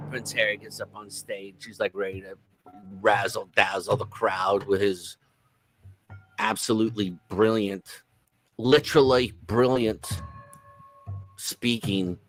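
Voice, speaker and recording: A man's voice: fairly low pitch, steady tone, measured pace, pauses often, fairly bright tone, soft background music. A man giving sarcastic, casual commentary on videos, exclaiming and mocking as he goes.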